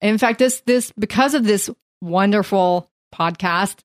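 A woman co-hosting a faith podcast, mixing Bible teaching with earnest, animated storytelling. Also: mid-range voice, measured pace, no echo, clean studio sound. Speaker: podcast co-host.

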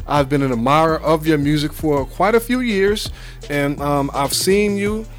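A man's voice: a little high, moderate pace. A man with a New York accent hosting a gospel radio program, chatting casually and teasing his guest, with plenty of fillers. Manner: playful, teasing, hesitant with fillers. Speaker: radio show host. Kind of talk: casual interview chat.

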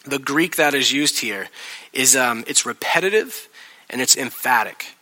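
A man preaching a sermon in a casual, chatty way, acting out scenes with lively voice changes. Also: medium pitch, unhurried. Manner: animated, acts out scenes with shifting voices; casual, chatty delivery with laughs. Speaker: pastor.

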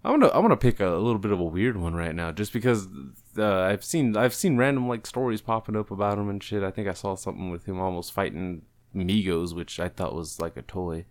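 A man's voice: sits low, expressive, a little fast, few pauses, no echo. A man co-hosting a podcast in crude, rambling casual chat, often breaking into laughter. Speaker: podcast co-host.

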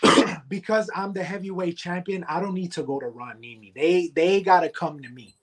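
Cocky, high-voiced wrestling champion man. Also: normal speed. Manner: cocky trash talk. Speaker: guest wrestler, heavyweight champion. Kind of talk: podcast interview.

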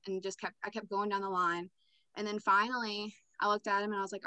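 A woman's voice: mid-range voice, fairly even intonation, fast, pushed and bright, no echo, low-quality recording. A young adult woman telling a personal story as a podcast guest, candid and matter-of-fact. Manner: candid, matter-of-fact recounting with filler words.

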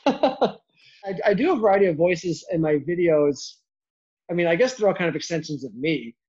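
A young man with a fairly high voice chats casually as an interview guest, rambling quickly with many fillers. The sound is a little dull and lo-fi. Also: lively intonation, a little mellow, breathy edge. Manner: quick, chatty, lots of "like" fillers. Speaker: YouTuber guest.

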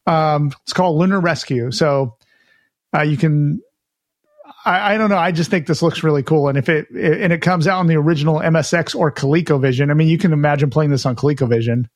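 A man co-hosting a casual retro gaming podcast, chatty and relaxed, reading out listener news with his own asides. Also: a little high, a little fast, no room sound. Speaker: podcast co-host.

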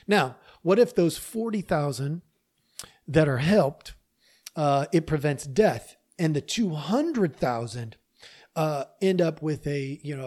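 Emphatic man hosting a podcast. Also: fairly high pitch. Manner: emphatic, animated, talks straight to listeners. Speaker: podcast host. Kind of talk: opinion monologue.

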